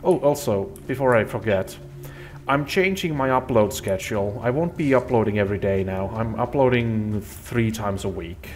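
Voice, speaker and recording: A man's voice: on the low side, moderate pace, slight background noise. A man hosting a let's play, giving rambling, self-deprecating gameplay commentary.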